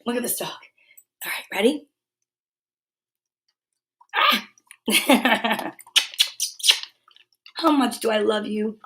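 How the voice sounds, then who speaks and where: An older woman chats on a relaxed home live stream, her voice sitting a little high. She talks to the viewers and breaks into fond baby talk with her dog. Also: slow pace, pauses often, breathy edge. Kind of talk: casual live stream chat.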